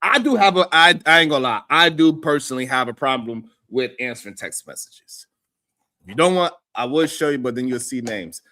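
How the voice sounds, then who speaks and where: A man hosting a live stream, giving animated, profane reaction commentary and laughing often. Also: mid-range voice, brisk.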